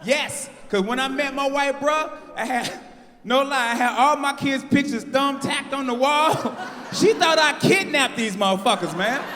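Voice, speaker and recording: A bright, high-pitched man in his forties works the crowd with brash stand-up, punching his jokes and shouting the big lines. His voice rings with a long hall reverb from a live stage mic, with a faint hum of the venue behind. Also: normal speed. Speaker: stand-up comedian.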